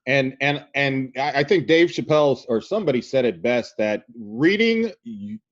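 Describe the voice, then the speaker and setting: A man's voice: medium pitch, expressive, normal speed, lo-fi sound. A man guesting on a podcast, chatting loosely as a comics writer and editor with profane, laughing banter. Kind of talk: casual podcast chat.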